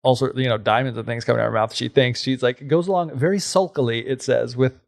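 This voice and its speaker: A man with a gravelly, creaky voice and a middle pitch, retelling an old fairy tale in a loose, chatty way full of fillers. His voice is recorded close and dry, with no room sound. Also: fast, no room sound. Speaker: podcast co-host.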